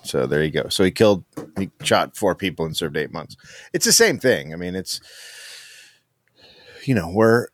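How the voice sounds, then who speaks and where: A man co-hosting a podcast, talking in a sarcastic, profane, animated way. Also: low voice, normal speed, long pauses, slight background noise. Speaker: podcast co-host. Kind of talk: casual chat.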